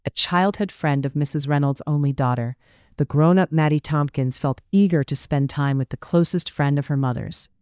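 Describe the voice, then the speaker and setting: An audiobook narrator reading a period novel in a measured, even storytelling manner, recorded on a studio microphone. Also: medium pitch, clear, resonant tone, dry recording. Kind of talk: scripted narration.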